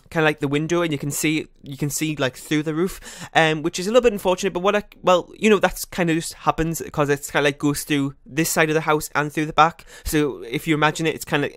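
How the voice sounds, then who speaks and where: A man's voice: a little high, fairly bright tone, clear, resonant tone, no room sound, studio quality. A man hosting a gaming channel, chatting casually over his gameplay, rambling and correcting himself as he goes. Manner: rambling, self-correcting, laughs at own slips. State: a bit out of breath.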